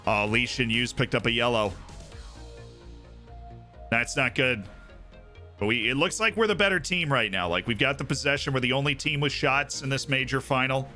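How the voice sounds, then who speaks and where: A man's voice: medium pitch, normal speed, long pauses, bright, forceful tone, soft background music. A man streaming a football management game, chatting casually and cheering his team on. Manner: chatty, hypes his team, thinks aloud. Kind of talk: casual gameplay commentary.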